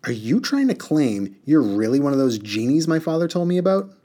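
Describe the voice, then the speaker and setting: A man's voice: fairly high pitch, very animated, fairly quick, mellow, voice pushed up. A man reading the part of a firm, stubborn young boy. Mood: indignant. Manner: firm, demanding.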